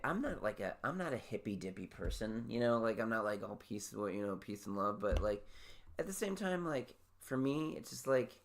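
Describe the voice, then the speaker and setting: This podcast host speaks at a moderate pace with a fairly low pitch that swings widely. His casual talk is candid and rambling, and he often cuts himself off.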